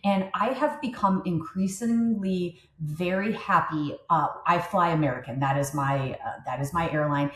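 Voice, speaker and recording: A woman in her fifties co-hosting a podcast, telling candid stories in a casual, animated way with lots of asides. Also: lowish voice, normal speed, hardly any pauses. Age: 50s. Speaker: podcast co-host. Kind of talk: casual chat. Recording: echoey room.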